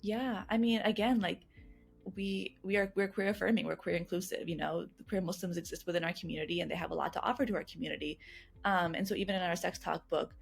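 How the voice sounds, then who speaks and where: A woman guest answering interview questions in an earnest, fast way, restarting and repeating words often. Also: lowish voice, steady tone, vocal fry, breathy edge, faint music behind. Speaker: guest, youth engagement coordinator at a health nonprofit.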